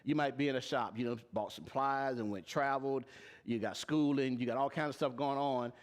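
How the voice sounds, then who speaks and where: A man teaches tax and payroll on a livestream before a live audience, plain-spoken and forceful, asking the crowd question after question. His voice is mid-range and his pace fairly quick.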